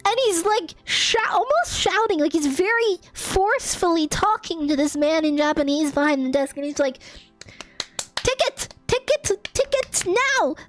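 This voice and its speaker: A young woman streamer telling a story in an animated rant, giggling, exasperated and swearing casually. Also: high-pitched, moderate pace, few pauses. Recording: faint music behind.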